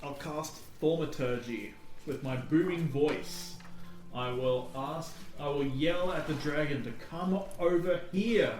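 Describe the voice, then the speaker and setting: A man's voice: fairly high pitch, slow, darkish tone, faint music behind. A man playing a tabletop game, talking casually and hesitantly, stumbling over words. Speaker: player. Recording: echoey room, distant mic.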